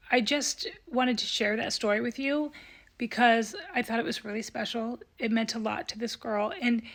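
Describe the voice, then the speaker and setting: A woman with a gravelly, husky voice tells a personal story straight to camera. She speaks earnestly and tearfully, often slipping into soft whispers at tender moments. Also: fairly high pitch. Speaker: psychic medium. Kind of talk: emotional storytelling vlog.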